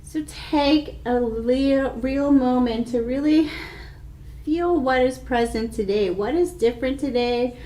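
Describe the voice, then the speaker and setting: A woman guiding a yoga class with slow, calm, soothing instructions. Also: high-pitched, echoey room.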